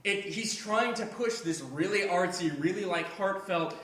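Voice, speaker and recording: A man's voice: high voice, normal speed, echoey room. A man co-hosting a casual podcast chat, ranting about a film with lots of swearing and acting out scenes as he retells them. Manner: profane, ranting, animated storytelling. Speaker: podcast co-host.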